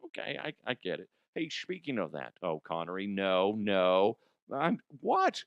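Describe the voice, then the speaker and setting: A man's voice: low voice, wildly swooping pitch, measured pace, no room sound, highs cut off. A man hosting a comedic news podcast, rambling with crude jokes and giggles. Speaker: podcast host.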